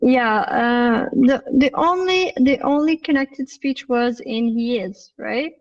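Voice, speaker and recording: A woman teaching an English lesson in a live online session, explaining patiently and reading examples slowly. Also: high-pitched, recorded from a distance, dull audio.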